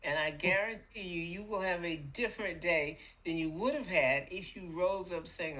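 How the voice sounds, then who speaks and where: A middle-aged woman co-hosting a podcast, talking casually about spiritual matters in an animated, playful way that acts out little voices. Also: fairly low pitch, moderate pace, hardly any pauses, poor audio. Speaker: podcast co-host.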